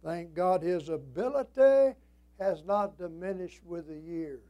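A man preaching a sermon in an evening church service, with a strong preaching cadence that swings between emphatic rises and hushed drops. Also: high voice, muffled recording. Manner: slow and deliberate.

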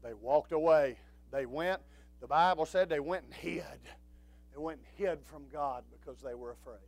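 A man preaching a sermon, swinging from quiet talk up to shouted preaching. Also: a little high, normal speed, dry recording.

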